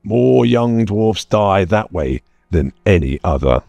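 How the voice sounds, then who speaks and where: A man voicing a blunt, battle-hardened male dwarf slayer in an audiobook reading, speaking in a steady, commanding way. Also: on the low side, takes it slowly, gravelly, dry recording, soft background music, exaggerated voice. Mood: gruff, steady.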